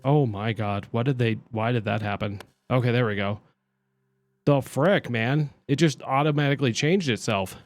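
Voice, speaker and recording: A man's voice: mid-range voice, normal speed. A young man streaming a story game, chatting casually and reacting with exclamations. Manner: animated and chatty, with exclamations and self-talk. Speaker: streamer playing a narrative game. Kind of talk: casual let's-play commentary, reading and voicing game characters.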